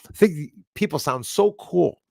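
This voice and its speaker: A man's voice: on the high side, measured pace, gravelly, no room sound. Guy chatting at the end of his live stream, voice jumping all over, dry sound. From Montreal, Canada. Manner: animated, switches between French and English, thanks viewers by name. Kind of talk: casual live-stream sign-off chat.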